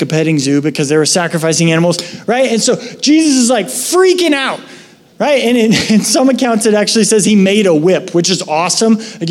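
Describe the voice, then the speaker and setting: A man preaching a sermon as a pastor, conversational and animated as he tells a story. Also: high-pitched, long reverb tail. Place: church sanctuary.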